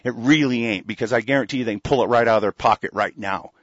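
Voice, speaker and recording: This Oregon man hosts a talk show and delivers a fiery political tirade full of profanity and rambling. His voice is gravelly and husky yet fairly bright, medium in pitch and fast, recorded on a dull lo-fi close mic with no echo.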